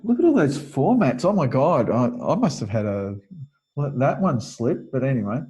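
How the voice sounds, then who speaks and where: A man's voice: mid-range voice, sing-song, normal speed, dark tone, breathy edge. A middle-aged man giving an informal webinar lecture, rambling and digressive, with many restarts and chuckles. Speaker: webinar presenter.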